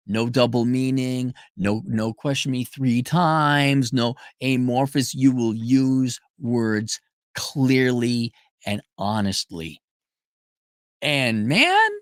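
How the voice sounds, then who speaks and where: A man hosts a casual livestream and reads out viewers' super chats, speaking bluntly and emphatically. He jumps from loud declarations to low muttered asides, and the studio-quality recording has no room sound.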